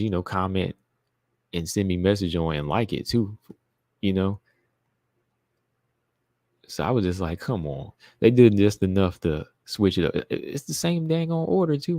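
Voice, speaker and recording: A man's voice: sits low, gravelly, darkish tone, no echo, studio quality. A man hosting a live talk stream, chatting casually and emphatically to his viewers, repeating phrases and calling out to the chat. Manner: informal, uses "y'all" and "be listening". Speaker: podcast host.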